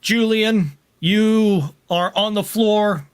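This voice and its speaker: A man narrating a sci-fi tabletop game as game master, describing the scene in a slow, drawn-out way. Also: high voice, clear, resonant tone.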